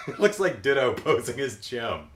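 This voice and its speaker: A man's voice: mid-range voice, big pitch swings, measured pace, fairly bright tone. A middle-aged man recapping a cartoon episode in a casual, jokey, rambling way. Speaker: show recap host. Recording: roomy echo.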